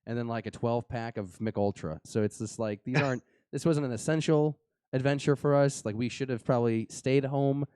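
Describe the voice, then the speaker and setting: A man's voice: mid-range voice, a little fast, darkish tone, smooth, no room sound, studio quality. A young man hosting a podcast, chatting casually and jokingly, with lots of fillers and restarts. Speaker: podcast host. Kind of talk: casual live-show chat.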